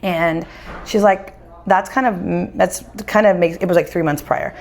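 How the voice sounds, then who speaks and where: Lively storytelling woman, low voice. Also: unhurried. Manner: animated, acts out quoted dialogue. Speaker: psychic medium guest. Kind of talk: casual storytelling conversation. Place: winery.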